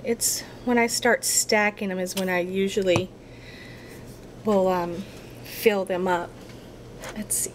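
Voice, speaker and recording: A woman's voice: medium pitch, slight background noise. A woman giving a casual crafting tutorial, chatty and a little apologetic, talking to herself as she works at her craft table.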